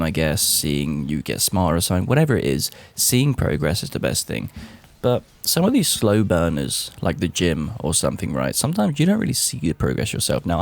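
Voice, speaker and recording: A young man talking casually to camera, animated, swearing freely and calling the listener bro. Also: sits low, creaky. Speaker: vlogger.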